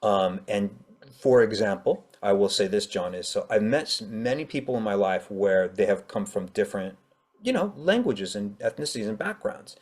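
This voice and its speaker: A man's voice: fairly low pitch, animated, moderate pace, a little mellow. A man, an author, chatting animatedly in an interview, often acting out how readers react. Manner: chatty, with frequent fillers and laughs. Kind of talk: casual interview conversation.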